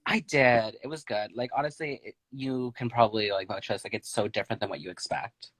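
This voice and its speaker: Low-voiced easygoing guest, dry sound. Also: male voice, brisk, a bit bright, no echo, poor audio. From Canada. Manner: easygoing, filler-heavy, gushing. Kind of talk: casual chat.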